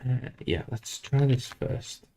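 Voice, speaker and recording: A man streaming live while coding a game, thinking aloud in a halting, self-deprecating way. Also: mid-range voice, expressive, mellow.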